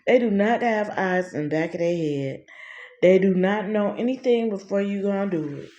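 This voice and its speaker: A woman telling a casual story in a slangy, animated way, acting out quotes. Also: mid-range voice, normal speed, dull audio. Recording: echoey room.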